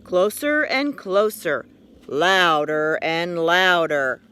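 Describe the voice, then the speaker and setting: A woman reading a children's story aloud, expressive and unhurried, in a quiet room. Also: lowish voice, clear, resonant tone. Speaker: reader.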